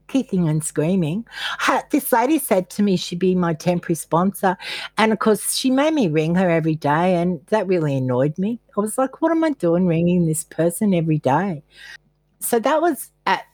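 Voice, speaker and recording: A woman's voice: mid-range voice, a little mellow, dry recording. An older woman from Australia, a podcast guest telling her own story candidly and poking fun at herself as she acts out her past thoughts. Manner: candid, self-mocking, quotes her past self. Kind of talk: personal storytelling in a podcast interview.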